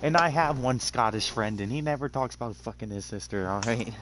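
A man's voice: mid-range voice, brisk, fairly bright tone, slight background noise. A young man with an English accent, chatting casually while gaming, crude and sarcastic, trash-talking and swearing. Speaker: gamer.

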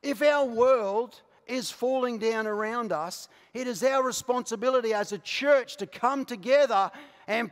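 High-voiced Australian pastor preaching in a hall. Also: male voice, unhurried. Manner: passionate preaching that swings from soft asides to shouted declarations. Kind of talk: sermon. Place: large church auditorium. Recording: live church recording with long hall reverb.

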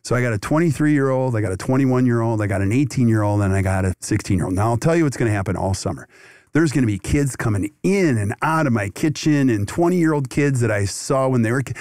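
Animated middle-aged man, dry mic. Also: medium pitch, normal speed, no echo. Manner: animated, jumps into lively acted-out quotes. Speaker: podcast guest, dental industry consultant. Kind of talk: conversational interview answer.

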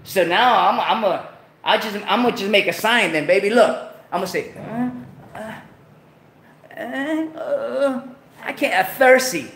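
A man's voice: high voice, unhurried, gravelly, pauses often, a bit bright, reverberant. A man hosting his own show in a casual rant, full of profane street slang and repeated lines. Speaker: show host.

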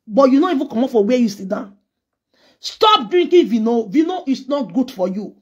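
Nigerian woman, high and husky, angry insult-laden rant. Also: lively intonation, fast, dark tone, dull audio. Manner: heated, scolding, trading insults. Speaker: social media personality.

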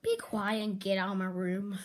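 A woman plays a bossy male bear plushie who lectures and scolds in a home toy skit. The voice is slow and a little high. It is recorded in an echoey room with some noise behind it. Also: sing-song.

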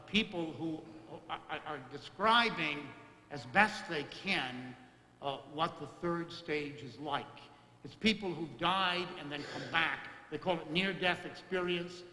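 A man giving a homily in a folksy, halting way, with many fillers and restarts. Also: fairly high pitch, bright, forceful tone, a little hiss or hum. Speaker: priest. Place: church. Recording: echoey church with long reverb.

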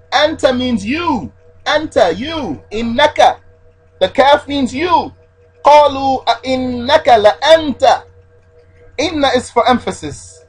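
A man with a high, husky voice gives an explanatory religious lesson. He goes over each point more than once and leans on the Arabic terms he teaches. Faint music sits under his voice. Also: rough recording. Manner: repeats key points, stresses Arabic terms.

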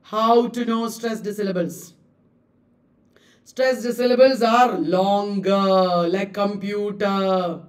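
A woman with an Indian English accent teaching a live online class, lively, laughing often and repeating words with exaggerated stress. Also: medium pitch, slow, far from the mic. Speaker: online exam-prep teacher.

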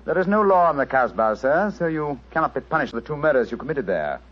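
An actor with a British accent playing a sharp, cool detective in 1940s radio acting, laying out deductions in a measured, precise way. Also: male voice, a little high, sing-song. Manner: crisp, measured, lordly deduction. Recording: dull old radio broadcast.

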